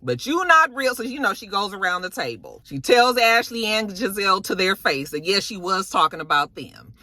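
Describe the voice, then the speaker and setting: Animated woman dishing gossip, lively pitch. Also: normal speed, no echo. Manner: animated, chatty, swears freely, acts out quotes. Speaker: reality show recap vlogger. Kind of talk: casual recap commentary.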